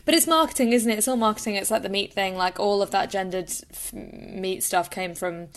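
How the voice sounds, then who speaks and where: A woman co-hosting a podcast, telling animated anecdotes with quick asides. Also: mid-range voice. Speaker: podcast co-host. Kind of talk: casual chat.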